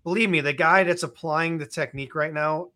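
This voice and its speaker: A man's voice: a little high, a little fast, sharp tone. A man hosting a podcast, chatting casually and agreeing along with his guest. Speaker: podcast host. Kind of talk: casual interview.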